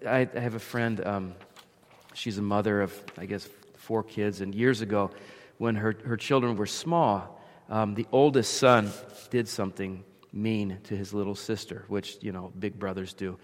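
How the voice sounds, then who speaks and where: A man's voice: lowish voice, steady tone, moderate pace. A man preaching an earnest sermon, paraphrasing scripture as heartfelt prayer and telling everyday stories. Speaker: pastor. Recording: long hall reverb.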